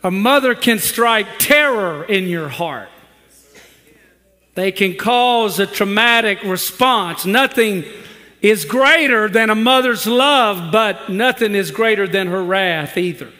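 A man's voice: high voice, takes it slowly, bright, forceful tone, long reverb tail. A male pastor preaching a sermon in a church, leading the congregation to repeat scripture and telling humorous stories with rising emphasis. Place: church sanctuary.

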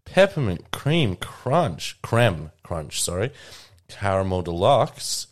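A man's voice: on the low side, sing-song, takes it slowly. A young Australian man co-hosting a podcast, playful and laughing often in casual chat. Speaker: podcast co-host.

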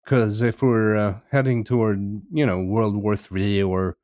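A man's voice: fairly low pitch, steady tone, unhurried, darkish tone, no echo, studio quality. A Swedish man hosting a podcast, chatting casually with many hesitant fillers. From Sweden. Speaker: podcast host. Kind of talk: casual chat.

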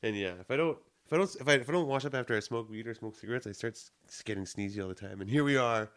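A man's voice: mid-range voice, rapid-fire, a bit bright. A young man, a podcast co-host, in loose, joking casual chat, often calling people "man" and "bro".

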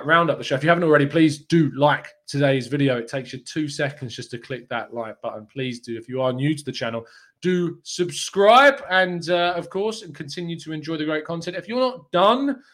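A man's voice: mid-range voice, a bit bright. A man hosting a live football fan news show, chatting in an upbeat way and reading out viewer comments. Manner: chatty and upbeat, with frequent fillers and quick laughs.

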